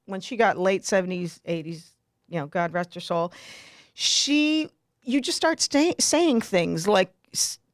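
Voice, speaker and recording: A middle-aged woman, hosting a podcast and telling a story in a lively, laughing way. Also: medium pitch, measured pace, dry recording, clean studio sound. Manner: animated, laughs a lot, acts out quotes. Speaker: podcast host. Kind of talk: casual storytelling chat.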